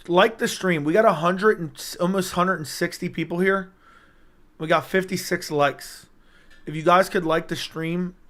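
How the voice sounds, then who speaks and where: A hoarse man hosting a livestream in casual commentary, answering chat with blunt, profane banter. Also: fairly high pitch, fairly bright tone, no echo. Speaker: livestream host.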